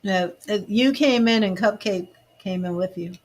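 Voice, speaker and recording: A woman's voice: mid-range voice, normal speed. A woman giving live psychic medium readings, chatty and emotional, with many fillers. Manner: emotional, gushing, tearful at times. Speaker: tarot reader and psychic medium.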